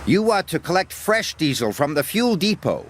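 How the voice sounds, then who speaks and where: A man's voice: fairly high pitch, sing-song, moderate pace, a little hiss or hum, voice pushed up. A man voicing a flustered, anxious male quarry manager in a storybook reading, alarmed and urgent.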